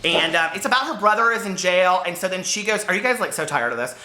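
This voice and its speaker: Brief: American male book vlogger, rambling chatty delivery, bright forceful tone, roomy echo. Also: high voice, lively intonation, fast talker. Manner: chatty, rambling, lots of asides and fillers. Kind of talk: casual unboxing chat to camera. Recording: echoey room.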